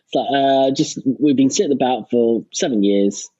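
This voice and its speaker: A man's voice: medium pitch, normal speed, warm tone, no echo. A man co-hosting a podcast in casual, rambling chat, hesitant and full of restarts. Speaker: podcast co-host. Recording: dry, slightly dull lo-fi recording.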